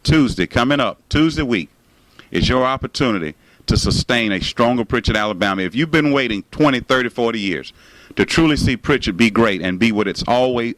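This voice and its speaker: A man's voice: mid-range voice, a bit bright, no echo, rough recording. A man giving an emphatic, repetitive campaign speech as a city mayor. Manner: emphatic, repetitive rally rhetoric.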